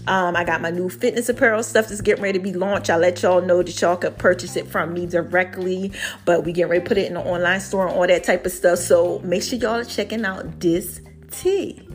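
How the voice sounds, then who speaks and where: With faint music underneath, a Brooklyn-born podcast host delivers casual motivation in a lowish, steady, brisk voice. She's short of breath, chatty and sermonizing, and sometimes slips into song.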